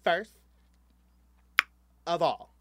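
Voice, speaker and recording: A man voicing an indignant, sassy gay man who scolds a stranger in an emphatic, drawn-out lecturing tone. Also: very noisy.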